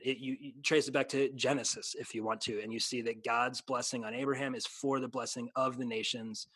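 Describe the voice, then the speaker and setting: A man's voice: medium pitch, level tone, fairly quick, hardly any pauses, fairly bright tone, husky, no echo. A man who is a pastor in a casual conversation, speaking earnestly, restarting sentences and slipping into a preaching cadence. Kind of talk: casual chat.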